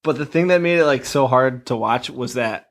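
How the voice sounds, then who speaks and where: A man's voice: medium pitch, moderate pace. A man co-hosting a podcast in casual chat, easygoing, laughing along and swearing casually. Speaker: podcast co-host.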